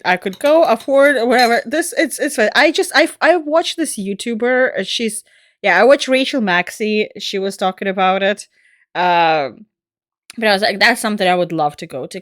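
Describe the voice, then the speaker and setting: A young woman streaming a game, chatting casually and excitably, swearing and laughing often. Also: fairly high pitch, no room sound, studio quality. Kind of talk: casual gameplay chat.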